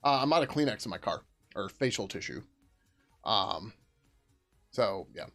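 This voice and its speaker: A middle-aged software developer hosts a casual coding livestream from his desk, rambling, swearing now and then, and humming to himself as he works. His fairly low voice is a bit bright, with lively intonation at normal speed, over soft background music.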